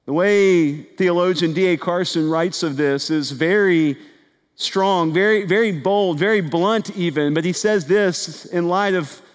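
A man preaching a sermon in an earnest style. He builds to emphatic repeated phrases and drops low and quiet on key words. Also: unhurried, clear, resonant tone. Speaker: pastor. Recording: long hall reverb.

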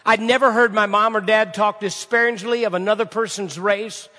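A man's voice: high-pitched, fairly even intonation, brisk, hardly any pauses, sharp tone. A man preaching a sermon to a congregation, asking rhetorical questions and repeating phrases for emphasis. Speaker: pastor. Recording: reverberant hall.

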